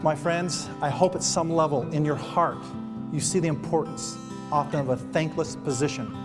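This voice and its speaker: A man's voice: a little high, normal speed, music in the background. A man giving a motivational keynote to an audience, telling a story in an earnest, emotional manner. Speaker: motivational speaker. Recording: reverberant hall.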